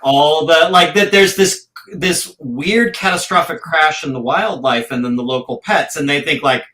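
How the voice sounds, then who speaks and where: A man talking as a podcast guest about his comic, rambling and excited, with many restarts. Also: fairly high pitch, moderate pace. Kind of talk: casual podcast chat.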